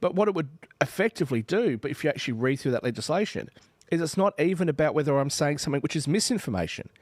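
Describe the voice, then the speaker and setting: Australian male host, forties, rapid and emphatic, dry close mic. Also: medium pitch, dry recording. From Western Australia. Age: 40s. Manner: animated, emphatic, rhetorical questions. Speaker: podcast host. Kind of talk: panel discussion.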